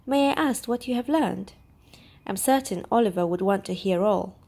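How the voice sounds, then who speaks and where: A woman's voice: mid-range voice, normal speed, dark tone, close to an everyday voice. A woman voicing a polite, reassuring young man in a storybook reading.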